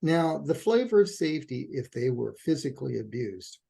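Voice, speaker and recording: Middle-aged therapist guy with a gravelly husky voice, dark tone, tells stories and acts out the quotes. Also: mid-range voice, normal speed. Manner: animated storyteller, acts out quotes. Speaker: couples therapist. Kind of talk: conversational interview answer.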